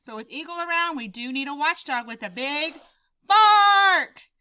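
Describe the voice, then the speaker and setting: A woman's voice: high-pitched, expressive, a little slow, bright, forceful tone, pitched above the performer's own voice, exaggerated voice. A woman voicing a brave little prairie dog leader in a storybook read-aloud, urgent and rallying. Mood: earnest.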